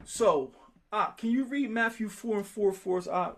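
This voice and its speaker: Teaching scripture to a group, this Bible study leader sits high in pitch and keeps a normal speed. His delivery is emphatic and animated, building into real excitement.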